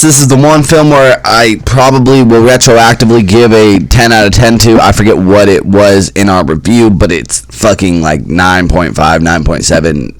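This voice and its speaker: A young man with a very low voice gives blunt, emphatic opinions and swears casually. The sound is dry and close to the mic. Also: dry recording, poor audio. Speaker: podcast co-host. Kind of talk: casual movie chat.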